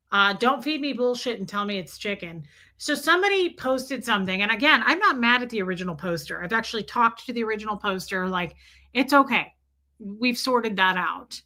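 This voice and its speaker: A woman hosting a casual livestream, ranting and telling stories with lots of swearing and talking straight to her chat. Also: medium pitch. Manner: animated, profane storytelling; talks to chat directly. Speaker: livestream host.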